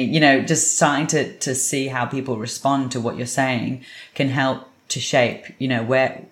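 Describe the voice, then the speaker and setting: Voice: mid-range voice, steady tone, measured pace. Thoughtful podcast guest in a roomy echo. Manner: thoughtful, explaining steadily. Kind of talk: casual chat. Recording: roomy echoing sound.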